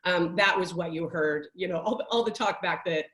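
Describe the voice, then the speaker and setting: A woman life coach giving a conversational workshop talk, telling stories in a chatty, animated way with many restarts. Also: on the low side, fairly quick, reverberant.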